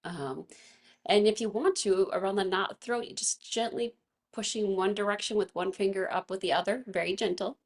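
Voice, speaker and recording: A woman of middle pitch teaches a casual online movement class, her voice gravelly with a touch of fry. She sounds a little froggy from vocal fatigue. She talks in a chatty, gentle way and laughs often. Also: normal speed.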